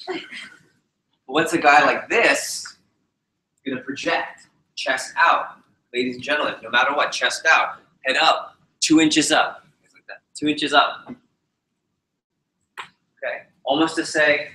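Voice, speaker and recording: A man training a live audience in public speaking, animated and shifting his speed and pitch to demonstrate his points. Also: unhurried, long pauses. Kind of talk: energetic presentation to a live group. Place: meeting room with a live audience. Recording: roomy echoey hall.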